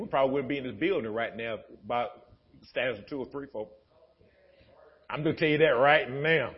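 A male pastor preaching a sermon in a church sanctuary, moving between easy storytelling and shouted, laughing exhortation. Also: a little high, husky, muffled recording.

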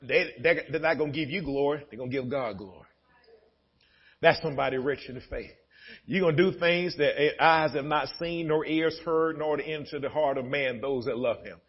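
A male pastor preaching a sermon in a church sanctuary, moving between easy storytelling and shouted, laughing exhortation. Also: fairly high pitch, normal speed, slightly rough, dull audio.

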